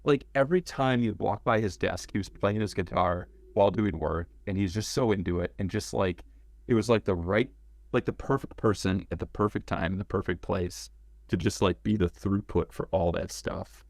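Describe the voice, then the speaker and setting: A man as an interview guest, telling stories in a casual, animated way, acting out quotes and swearing freely. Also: low voice, moderate pace, dry recording, studio quality. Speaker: interview guest, former game cinematics director.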